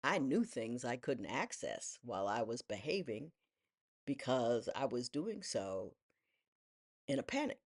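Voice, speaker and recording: Animated storytelling woman in her sixties. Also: a bass voice, unhurried. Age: 60s. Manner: animated, self-mocking, acts out voices in quotes. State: widowed. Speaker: vlogger. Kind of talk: personal storytelling.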